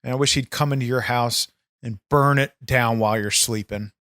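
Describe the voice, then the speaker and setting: A man's voice: mid-range voice, fairly even intonation, normal speed, fairly bright tone, no echo, studio quality. A man co-hosting a comedy podcast, ranting in exasperation and swearing constantly. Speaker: podcast co-host. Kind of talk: comedic banter.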